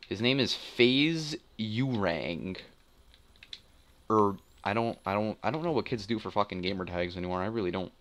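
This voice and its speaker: A man's voice: fairly low pitch, lively intonation, normal speed, long pauses, a bit bright, a little hiss or hum. A young man giving live gameplay commentary, muttering and swearing as he grumbles about the match and himself. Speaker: gaming channel host.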